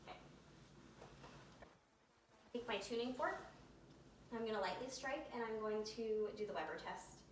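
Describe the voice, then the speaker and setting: A slightly high-voiced woman calmly narrates each step of a clinical exam as she performs it, pausing on fillers. She is recorded from a distance in an echoey room. A faint hum sits underneath. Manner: methodical, talks through each step with fillers. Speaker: clinician demonstrating a physical exam.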